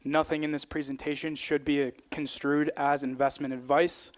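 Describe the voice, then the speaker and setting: A man's voice: on the high side, level tone, normal speed. A young man, a college student, reading a formal statement aloud, with some stumbles. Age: young adult. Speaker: student presenter. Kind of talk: reading a disclaimer.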